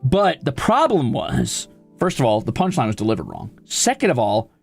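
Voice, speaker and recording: A man streamer in casual chat, telling an animated story with plenty of laughs. His pitch swings widely while he acts out the scene. Faint music plays under his voice. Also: moderate pace, vocal fry, slightly rough.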